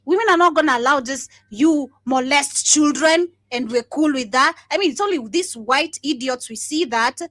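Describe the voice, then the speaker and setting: Blunt, high-voiced woman ranting. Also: normal speed, hardly any pauses, a bit bright, dry recording. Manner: blunt and swearing, with frequent laughs. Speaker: livestream host. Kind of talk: impassioned commentary.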